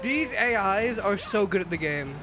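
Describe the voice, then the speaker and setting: A man giving casual, excitable gameplay commentary, often breaking into laughter and shouting at the game. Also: high-pitched, normal speed, noisy background. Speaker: gaming video creator. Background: game music.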